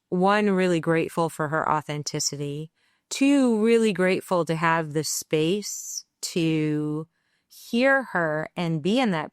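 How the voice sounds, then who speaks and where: Woman podcast host, low-ish smooth voice, lively storytelling, dry close sound. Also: dry recording. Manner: animated, acts out quoted dialogue; reflective and candid. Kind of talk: conversational storytelling.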